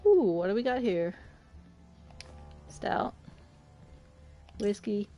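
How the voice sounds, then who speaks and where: A woman's voice: medium pitch, sing-song, slow, warm tone, soft background music. A woman from the UK chatting casually with her livestream chat while playing, laughing often. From United Kingdom. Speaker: game streamer.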